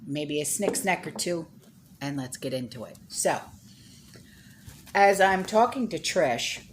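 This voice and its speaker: A woman's voice: low voice, lively intonation, slow pace, a little hiss or hum. A woman hosting her own channel, chatting casually to viewers in a rambling way, full of "you know" and "okay?". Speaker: channel host.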